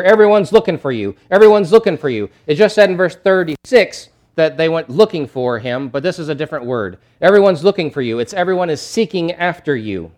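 A male pastor preaching a sermon, animated and conversational, acting out scenes from scripture. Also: fairly high pitch. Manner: animated, acts out disciples' voices.

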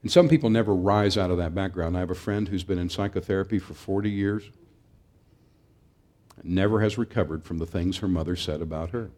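A man's voice: deep voice, fairly even intonation, a little fast, darkish tone. A middle-aged man preaching a sermon in an earnest, emphatic way, sometimes restarting his phrases. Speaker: pastor.

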